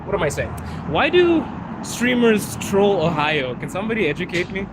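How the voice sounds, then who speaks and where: A man's voice: sits high, very animated, moderate pace. A man, live streaming outdoors on a city street into a phone, chatting in a rambling way and laughing often. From Zimbabwe. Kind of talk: casual live-stream chat with viewers. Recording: outdoor traffic noise.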